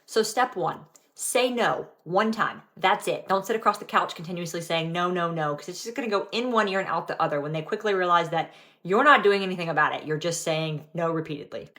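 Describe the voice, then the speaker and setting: A woman's voice: fairly low pitch, fairly bright tone. A young adult woman, a mother, giving direct and practical cooking and parenting tips to camera.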